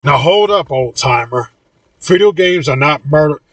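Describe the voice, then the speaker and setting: A man playing a brisk, impatient young man. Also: mid-range voice, animated, a bit bright, slightly rough, no echo, recorded from a distance, rough recording.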